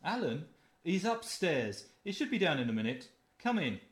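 A man's voice: a little high, big pitch swings, moderate pace. An actor with a British accent playing a flustered, hesitant man posing as a financial advisor in a sitcom. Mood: bemused. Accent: British English. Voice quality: hesitant, bemused. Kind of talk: sitcom acting.

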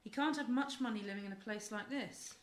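A woman's voice: on the high side, brisk, lightly acted. Woman acting placating British wife, polite, roomy echo. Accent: British English. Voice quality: soothing, polite. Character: placating wife who smooths over quarrels.

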